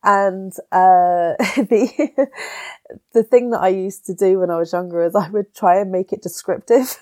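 A woman's voice: medium pitch, a little slow, mellow. A woman co-hosting a podcast in casual chat, with a stuffy nose from a cold and a giggly, self-deprecating manner. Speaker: podcast co-host.

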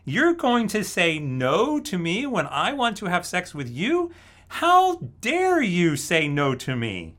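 A man's voice: high-pitched, wildly swooping pitch, takes it slowly, pitched above the performer's own voice, heavily acted. A man quoting a drunk, furious woman. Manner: shouting and indignant. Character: drunk angry woman on a date.

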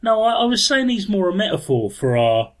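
A man's voice: high-pitched, very animated, a little fast. A man co-hosting a podcast in casual chat, wry and self-mocking, rambling through his points. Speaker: podcast co-host.

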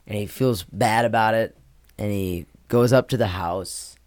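A man's voice: lowish voice, measured pace, no room sound, clean studio sound. A man casually telling a secondhand story to friends, rambling and laughing as he goes. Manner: rambling, laughs through his own story. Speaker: podcast co-host.

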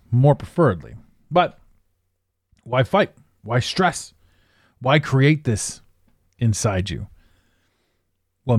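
A man's voice: medium pitch, no echo, clean studio sound. Blunt, swearing man ranting. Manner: blunt, profane, emphatic, laughs often. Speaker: podcast host. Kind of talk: casual ranting monologue.

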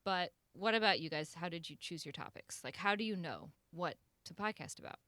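Woman podcast host, lively and bright, playful, dry close sound. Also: lowish voice, brisk, no echo. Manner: playful, laughs often, animated. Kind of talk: casual group chat.

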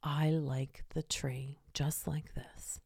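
A woman voicing a gentle female dog speaking in spirit, in a whispery, dramatic voice. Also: low voice, little pitch movement, slow, vocal fry, husky, dry recording, clean studio sound, voice pushed down, heavily acted. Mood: tender.

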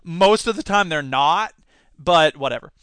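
A man hosting a podcast, giving opinionated solo commentary with animated rants and sarcastic asides. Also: a little high, measured pace, clear, resonant tone, no echo. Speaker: podcast host.

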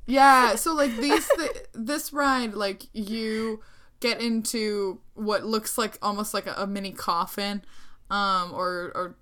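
A woman's voice: mid-range voice, fairly even intonation, takes it slowly, a bit bright. A young woman in casual chat, giggly and rambling with lots of fillers. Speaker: vlogger.

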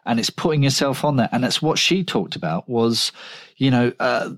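A man co-hosts a podcast in a relaxed, conversational way. He thinks aloud, circling back and restarting his sentences as he goes. His voice sits at an ordinary middle pitch. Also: normal speed. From England. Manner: reflective, with frequent restarts and fillers. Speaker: podcast co-host and writer. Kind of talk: casual conversation.

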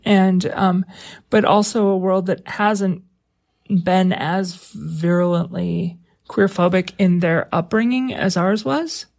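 A woman co-hosting a radio talk show, chatting casually with halting restarts and easy laughter. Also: fairly low pitch, vocal fry, darkish tone. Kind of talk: casual on-air chat.

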